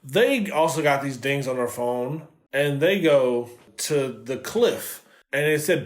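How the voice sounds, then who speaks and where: A man's voice: on the high side, animated, measured pace. A man co-hosting a casual TV review, recapping scenes with lots of swearing and acting out the characters' lines. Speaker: co-host reviewing a TV series. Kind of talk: casual chat.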